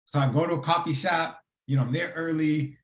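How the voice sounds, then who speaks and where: A man in his thirties, a podcast guest telling his story in a lively, casual, slangy way. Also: on the high side, fairly quick. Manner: animated, acts out quoted dialogue in a casual slangy way. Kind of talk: conversational storytelling. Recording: roomy echo.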